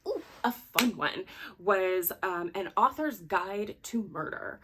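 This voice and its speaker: A woman's voice: medium pitch, lively intonation, slow, background noise. A woman host chatting through a casual book review, rambling with lots of "like" and "you know" and apologizing for herself along the way. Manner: self-deprecating and apologetic asides. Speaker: book vlogger.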